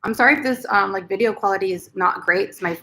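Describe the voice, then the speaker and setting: A woman hosts her first crochet livestream from home, chatting casually and giggling a lot as she eats, picked up by a computer camera mic. Her voice is mid-range and sharp, and she talks quickly.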